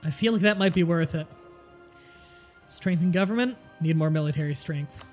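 A woman's voice: lowish voice, moderate pace, darkish tone. A woman streaming a strategy game, joking, swearing freely and thinking aloud, with faint music behind. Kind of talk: casual gameplay livestream commentary.

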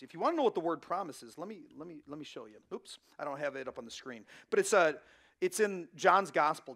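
A man's voice: a little high, fairly bright tone. A male pastor preaching a sermon in a conversational, emphatic way, often checking in with the congregation.

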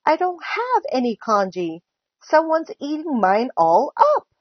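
A woman's voice: a little high, sing-song, unhurried, slightly rough, no room sound, muffled recording, full character voice. A woman voicing a small, upset panda boy who wails and whines in a storybook reading. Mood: wailing. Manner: wailing, whiny.

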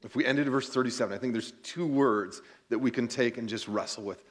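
A pastor reading scripture aloud in church and reflecting on it in an earnest sermon, slowing down to stress key points. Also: male voice, mid-range voice. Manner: earnest, reads scripture then reflects, slows for emphasis.

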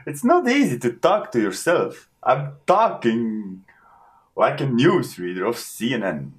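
Slow, lively man narrating setup. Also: mid-range voice. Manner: thinking aloud while clicking through setup menus. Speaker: tech channel host. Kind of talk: casual screen-recording commentary. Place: home.

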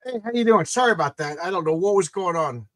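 Excitable stammering man on a video call. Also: sits high, fast, no echo. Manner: excitable, stammers and repeats words. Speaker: guest comic creator. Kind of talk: casual live-stream chat. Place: home comic book room.

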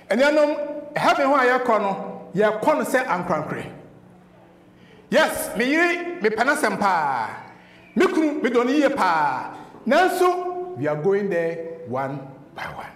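A man with a Ghanaian accent preaching a sermon as pastor, animated and repeating words for emphasis. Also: sits high. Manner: switches between English and Twi, animated preaching with repeated words. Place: church hall. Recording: echoey church hall.

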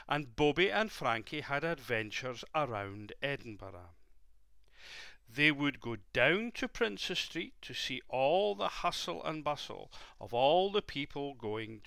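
Slow, bright-voiced man reading a story. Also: mid-range voice, clean tone, dry recording, clean studio sound. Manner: gentle, slow, addresses the child with questions.

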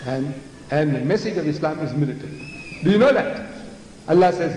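A forceful, theatrical lecturer in his seventies with a high voice, addressing a crowd in a large hall. The sound is roomy, with a long echo and a faint hiss underneath. He drives his points home and mimics others with scorn. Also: animated, fairly quick. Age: 70s. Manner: forceful, theatrical, with mocking imitations. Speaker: Islamic lecturer. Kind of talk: public religious lecture. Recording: echoey hall with faint noise.

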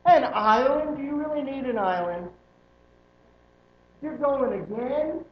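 A man's voice: very high-pitched, takes it slowly, roomy sound, lo-fi sound, a little hiss or hum, voice pushed up. A man putting on a scoffing, judgmental pastor. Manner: incredulous, mocking questions.

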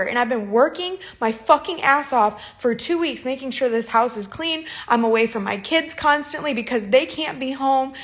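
A woman's voice: sits high, animated, normal speed, a bit bright. A woman ranting on a live stream, angry and swearing a lot while crying. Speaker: livestreamer.

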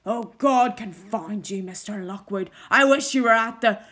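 A woman reading the lines of a volatile, harsh, brooding man who is master of the house, speaking gruffly and abruptly. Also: medium pitch, a little fast, natural voice. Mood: angry.

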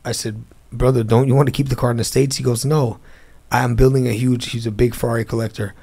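Man, gravelly voice, fairly flat pitch; a guest telling stories in a laid-back interview. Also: quick pace. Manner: animated storyteller acting out phone calls. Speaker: interview guest, car dealer. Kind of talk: storytelling in a casual interview.

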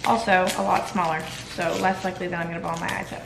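This twenties-aged vlogger speaks quickly in a lowish, gravelly voice with little pitch movement. She's chatting casually to her camera in her home kitchen and a small room, giggly and self-deprecating, and the recording carries noisy home camera audio.

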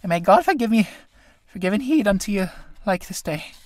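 A man voicing an enraged older priest in a play reading, shouting shrill threats. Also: expressive, brisk, no room sound, studio quality. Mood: frightened.

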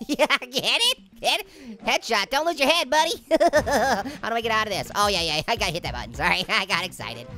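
A man's voice: high voice, lively intonation, a little fast, bright, forceful tone, faint music behind, exaggerated voice. A man voicing a wisecracking, goofy talking orange that makes puns and cackles while playing a game. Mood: playful. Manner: cackling, pun-making, jokey. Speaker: let's play host. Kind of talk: let's play commentary.

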